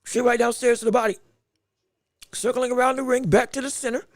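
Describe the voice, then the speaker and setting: A man hosting a live podcast, giving rapid round-by-round boxing commentary with excited outbursts. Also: extremely high pitch, no echo, studio quality. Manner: rapid play-by-play, excited outbursts, talks to the chat. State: hiccups.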